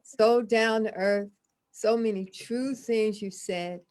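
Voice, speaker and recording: A woman hosting a radio interview show closes out the conversation. She speaks in an unhurried, plain way, thanking her guest and stumbling a little as she restarts her sentences. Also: medium pitch, fairly even intonation, a little mellow. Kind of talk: interview wrap-up.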